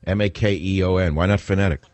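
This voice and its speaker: A man's voice: low-pitched, steady tone, fast, a little mellow, dry recording. An older man hosting a radio talk show, talking in a combative, sarcastic, rambling way.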